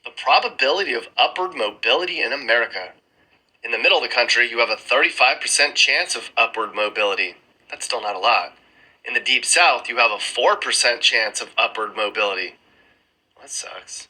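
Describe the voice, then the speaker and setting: Bright, husky-voiced man joking over maps. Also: mid-range voice, animated, brisk, low-quality recording. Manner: sarcastic, chuckling asides. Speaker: screen-recording vlogger. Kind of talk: casual commentary over maps. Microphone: phone screen-recording mic.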